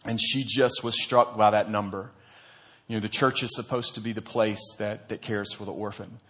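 A man's voice: on the low side, steady tone, normal speed, fairly bright tone. A man, a church pastor, preaching a sermon in an earnest, conversational storytelling manner.

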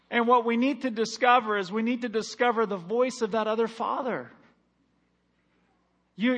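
Middle-aged pastor guy preaching, pretty high voice, gets loud then goes quiet. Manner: animated preaching, swinging from loud to hushed. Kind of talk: sermon. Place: church sanctuary.

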